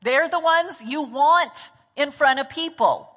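A woman pastor teaches a church class in a high voice. She keeps it animated and now and then slips into chatty voices for the types she describes. The sound carries a long echo from the hall. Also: slow.

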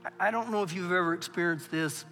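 High, bright-voiced preaching man. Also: quick pace, creaky, faint music behind. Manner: preaching with big swings from quiet to loud. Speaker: pastor. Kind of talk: sermon. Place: church hall. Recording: live church hall with long reverb.

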